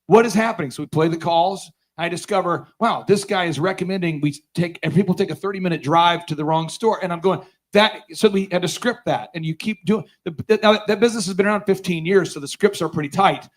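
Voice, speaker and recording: A middle-aged man telling a comic story as a business conference speaker, loud and animated when he acts out scenes, laughing as he goes. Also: high-pitched, a little fast, hardly any pauses, low-quality recording. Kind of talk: comedic storytelling keynote. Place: conference stage before a live audience.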